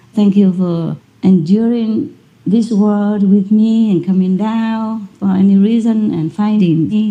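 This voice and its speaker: A woman's voice: medium pitch, warm tone. A woman spiritual teacher giving a conversational lecture, telling a story and laughing often. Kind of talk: lecture to an audience.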